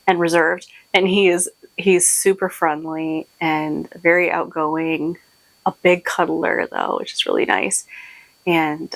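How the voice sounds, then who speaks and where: A woman's voice: lowish voice, no room sound, poor audio. Chatty, sleepy woman podcast host. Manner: chatty and rambling, with many fillers and laughs. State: sleep-deprived. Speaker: podcast host and shop owner. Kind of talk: casual chat to camera.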